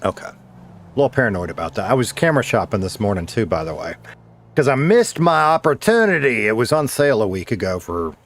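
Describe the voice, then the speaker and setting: A man's voice: lowish voice, very animated, fast. A man streaming a game, chatting casually and rambling between talking to himself and greeting his viewers. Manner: rambling, talks to himself and to chat. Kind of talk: casual livestream chat while gaming.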